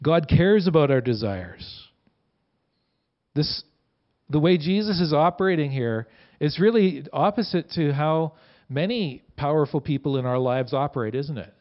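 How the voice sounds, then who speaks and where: Male pastor, casual sermon delivery, slightly higher voice, muffled lo-fi recording. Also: measured pace. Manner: conversational, animated quoting with rising voice. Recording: dull lo-fi sound.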